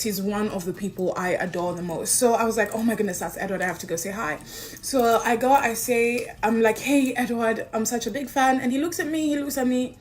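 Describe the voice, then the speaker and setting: A young woman casually telling a personal story, animated and chatty, acting out the lines of others. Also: mid-range voice. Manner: animated, acts out dialogue, chatty with fillers. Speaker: interviewee.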